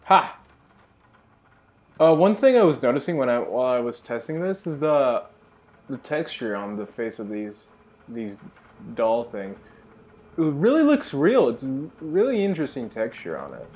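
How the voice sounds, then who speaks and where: A man's voice: mid-range voice, sing-song, normal speed, warm tone. Young man rambling over gameplay. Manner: enthusiastic, rambling asides. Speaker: gaming channel host. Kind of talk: let's play commentary.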